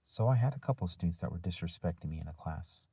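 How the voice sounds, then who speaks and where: A male teacher giving a deliberate, firm talk to his students, using rhetorical questions and pauses. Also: low voice, animated, dark tone, husky, no room sound. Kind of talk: lecture-style talk to students.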